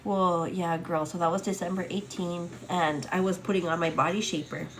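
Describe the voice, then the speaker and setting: A young woman hosting a morning livestream, telling a personal story in casual chat, full of "like" and "girl", acting out quotes in a higher voice. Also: normal speed, slight background noise. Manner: chatty, many fillers, acts out quotes with high excited pitch. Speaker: livestream host.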